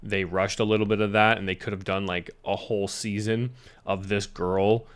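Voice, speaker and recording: A man's voice: fairly low pitch, little pitch movement, moderate pace, clean tone. A young man rambling casually about an anime movie, swearing freely and laughing often. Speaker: YouTuber reviewing an anime film. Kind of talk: casual chat.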